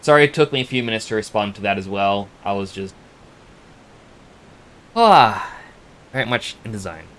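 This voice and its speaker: A man's voice: fairly low pitch, animated, moderate pace, long pauses, a bit bright. A chatty man with an Australian accent giving casual commentary while streaming a game and thanking viewers.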